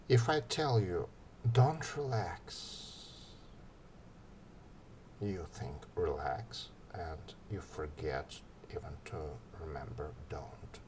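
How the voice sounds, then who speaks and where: A man explaining relaxation technique in a soft, hesitant, instructional way, sometimes dropping almost to a whisper. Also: deep voice, a little hiss or hum. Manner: slow, soft-spoken, drops to near-whisper for example phrases; hesitant, many fillers. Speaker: ASMR artist giving advice. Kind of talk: instructional talk.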